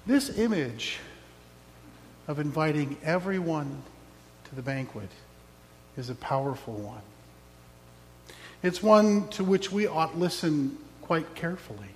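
A man's voice: on the high side, lively intonation, unhurried, pauses often, darkish tone, big-room sound, a little hiss or hum. A man preaching a sermon as pastor, reflective with wry asides.

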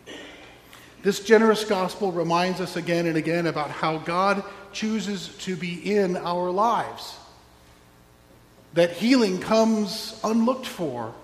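A man preaching a sermon, telling a story and acting out the voices in it, with wry asides. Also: a little high. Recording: roomy hall with long echo, faint hum.

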